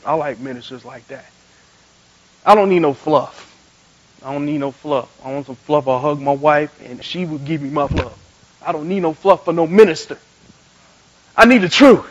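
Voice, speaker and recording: A man preaching a sermon as pastor, telling stories animatedly and swinging between loud emphatic lines and quiet soft ones. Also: a little high, moderate pace, pauses often, dull audio. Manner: animated storytelling, acts out voices in quotes.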